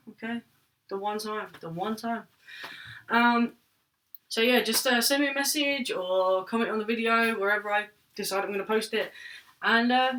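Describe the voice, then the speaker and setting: A man's voice: extremely high pitch, pushed and bright. A young trans man vlogging at home, rambling casually with lots of fillers and restarts. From United Kingdom. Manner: rambling, chatty, with fillers and self-interruptions. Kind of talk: casual chat to camera. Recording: voice a bit distant from the mic.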